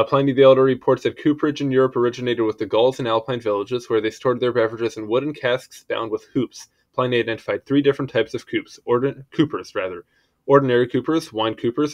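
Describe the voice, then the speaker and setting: A man reading an encyclopedia article aloud in a casual way, stumbling over words and adding offhand asides. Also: medium pitch. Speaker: article reader.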